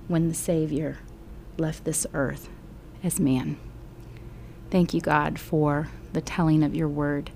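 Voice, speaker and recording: A middle-aged woman Bible teacher telling a gospel story slowly and earnestly, often sinking into a whisper. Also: low voice, mellow, a little hiss or hum. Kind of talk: emotional Bible storytelling lesson.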